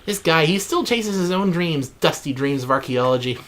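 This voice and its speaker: A man's voice: on the high side, lively intonation, normal speed, a bit bright. A man hosting a let's play, reading in-game text with mock drama and joking asides.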